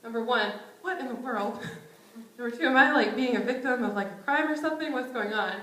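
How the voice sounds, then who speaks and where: A woman's voice: fairly high pitch, a little fast, bright, forceful tone. A young woman preaching a conversational sermon in a church, casual and self-deprecating, often chuckling. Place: church sanctuary. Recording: roomy church sanctuary echo.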